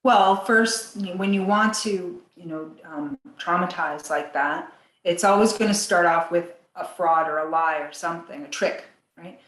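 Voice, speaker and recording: A woman guest on a podcast interview, talking in an animated way, acting out quotes in a higher voice and laughing between points. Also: measured pace, reverberant, low-quality recording.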